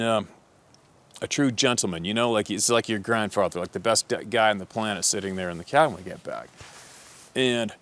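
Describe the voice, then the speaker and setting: A man's voice: lowish voice, a bit bright. A man who works as a hunting guide telling a story in a casual, profane, rambling way.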